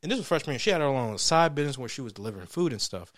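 Animated young man telling a story. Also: mid-range voice, rapid-fire, no echo, clean studio sound. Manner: animated, profane, laughs often, mimics people. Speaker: podcast co-host. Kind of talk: casual storytelling chat.

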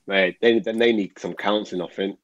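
An earnest man talks through his thoughts as an interview guest, circling back with plenty of fillers. His voice sits low. The audio is dull and dry, with no room sound. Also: steady tone, fairly quick, dry recording. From England. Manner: earnest, rambling, with many "you know"s. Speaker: guest, former professional footballer. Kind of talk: reflective interview talk.

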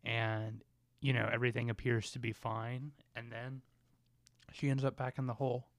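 A man's voice: medium pitch, little pitch movement, moderate pace, no room sound. A man co-hosting a podcast, chiming in with short, wry comments during a casual movie review. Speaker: podcast co-host.

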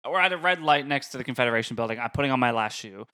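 Young man, lively storyteller, mid-range pitch, podcast co-host. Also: very fast. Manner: animated, laughs through his own story. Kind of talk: casual storytelling chat.

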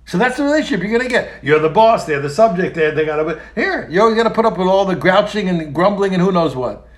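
A man teaching a religious text, talking in an animated, emphatic way and often repeating phrases and restarting. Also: high-pitched, fast. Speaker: Torah teacher. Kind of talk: explaining a text in a lesson.

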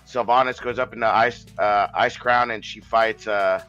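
A man's voice: on the low side, steady tone, normal speed, bright, forceful tone, lo-fi sound, faint music behind. A man telling a long story in a casual podcast chat, rambling, swearing and restarting his sentences.

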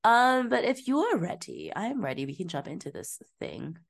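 A woman's voice: mid-range voice, huge pitch swings, moderate pace, gravelly. A woman co-hosting a podcast, chatting casually about a movie, swearing freely and slipping into mocking impressions. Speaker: podcast co-host. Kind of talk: casual movie-review chat.

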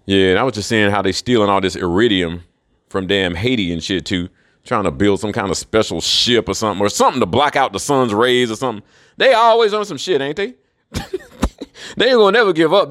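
A man's voice: medium pitch, animated, fairly quick. A man in a rambling solo monologue, profane and mocking, who laughs often. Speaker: commentator.

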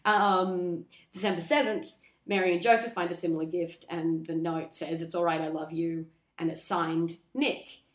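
A woman's voice: lowish voice, little pitch movement. Rambling woman in an echoey room. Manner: rambling, acts out characters in quick asides. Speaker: podcast host. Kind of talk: casual chat recapping a film.

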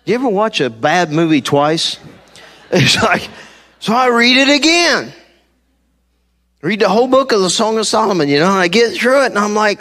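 A man pastor preaching a sermon, telling a personal story with animated delivery and acting out conversations. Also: sits high, measured pace, long pauses. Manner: animated, acts out conversations, laughs at himself. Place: church sanctuary.

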